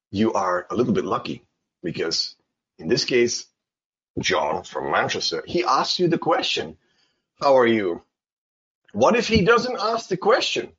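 A male English teacher talks in a casual, playful way and acts out short exchanges in silly voices. His pitch leaps widely, his voice is a little husky, and the recording sounds slightly dull and lo-fi. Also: a bit bright. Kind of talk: casual spoken English lesson.

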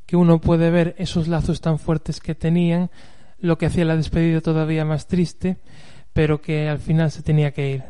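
Guy hosting, reads his summary very even and flat, smooth mellow voice. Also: on the high side, fast talker, few pauses. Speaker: host. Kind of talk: scripted translation narration.

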